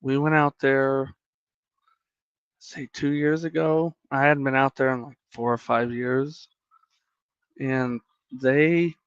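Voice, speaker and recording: A man's voice: medium pitch, a bit bright, clear, resonant tone, no echo. Easygoing American man, dry lo-fi sound. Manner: easygoing, laughs along. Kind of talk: casual chat. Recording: dry dull lo-fi audio.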